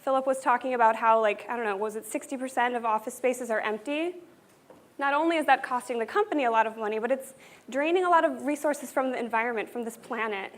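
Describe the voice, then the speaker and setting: High-voiced woman giving an upbeat keynote. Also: fast talker. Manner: upbeat, earnest and conversational. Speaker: conference speaker. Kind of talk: keynote talk to a live audience. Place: conference venue with an audience.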